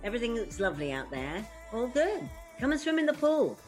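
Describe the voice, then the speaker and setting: A woman panelist chatting in an upbeat, quick way. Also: a little high, big pitch swings, music in the background. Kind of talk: casual chat.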